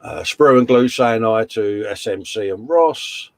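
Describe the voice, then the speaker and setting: A man's voice: lowish voice, unhurried, no room sound. A man hosting a casual livestream, chatting and reading out comments in a jokey, rambling way. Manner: chatty, jokey, lots of "uh" and "mate". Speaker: livestream host.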